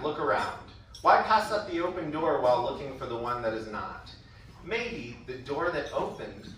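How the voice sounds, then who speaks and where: Bright-voiced man giving a speech in a hall. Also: mid-range voice, a little hiss or hum. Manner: wry, animated storytelling with laughs. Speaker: former student giving a speech. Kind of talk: storytelling speech. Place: school event hall. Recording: echoey hall from far off.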